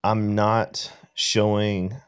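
A man's voice: fairly low pitch, little pitch movement, very slow, smooth. A man in casual podcast conversation, telling a reflective story and often checking in with "right?". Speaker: podcast guest or co-host.

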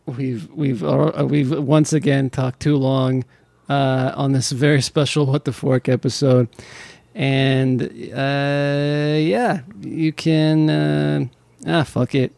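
A man co-hosting a casual podcast, rambling and animated as he retells jokes between laughs. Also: medium pitch, slow pace, gravelly, dry recording. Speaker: podcast co-host.

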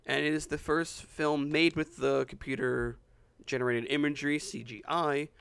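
A man's voice: fairly high pitch, steady tone, moderate pace, gravelly, a bit bright, clean tone. A man in his twenties co-hosting a casual chat, tired, stammering and laughing often. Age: 20s. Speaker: podcast co-host.

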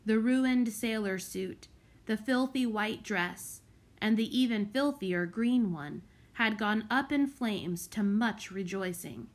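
A woman reading a children's novel aloud as an audiobook narrator, in an unhurried, clear storybook manner. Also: medium pitch. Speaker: audiobook reader. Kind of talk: scripted narration.

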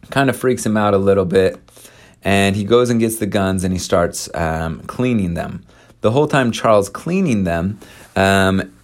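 A man with a somewhat low voice retells a dramatic historical episode in a loose, conversational way. He leans on slang and fillers and acts out the quoted dialogue with energy. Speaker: storyteller presenting church history. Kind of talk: casual storytelling talk.

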